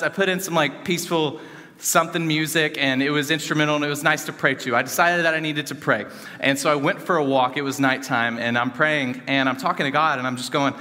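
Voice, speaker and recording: A young man giving an earnest personal testimony to a gathering, rambling with many fillers and swinging between animated and hushed. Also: fairly high pitch. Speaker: student speaker giving a testimony. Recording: reverberant hall.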